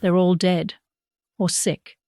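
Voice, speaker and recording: A man's voice: high voice, flat delivery, slow, darkish tone, no echo, studio quality, voice pushed up. A man voicing a frightened, sick young woman survivor, who speaks in a weak, trembling, breaking voice in a sci-fi story. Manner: trembling, breaking, barely audible.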